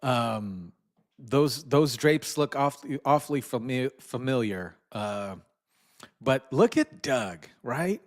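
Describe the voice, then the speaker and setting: A man's voice: medium pitch, lively intonation, slow pace. A man hosting a live stream, casually commenting and mocking with frequent chuckles. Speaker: streamer host.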